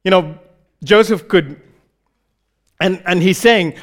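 A man's voice: high-pitched, takes it slowly, long pauses, a bit bright. A man preaching a sermon, explaining scripture in a conversational way and briefly acting out the quoted lines.

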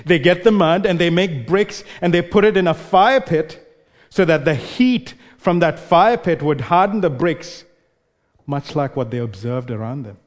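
A man's voice: a little high, lively intonation, measured pace, long reverb tail. A male preacher giving an expository sermon, explaining and posing rhetorical questions.

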